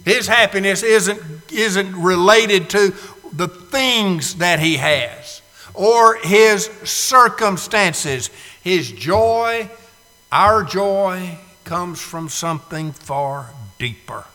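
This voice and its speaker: Male pastor mid-sermon, bright, high-pitched voice, stretched emphatic words, echoing sanctuary. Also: animated, soft background music. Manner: preaching with dramatic swings from hushed to shouted; drawn-out emphatic words, rhetorical questions. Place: church sanctuary. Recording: long reverb of a church hall.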